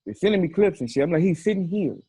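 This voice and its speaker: Animated man telling a story, dry sound. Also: sits high, fast, husky, no room sound. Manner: animated, profane, acts out quoted phone calls. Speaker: interview guest. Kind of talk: casual storytelling interview.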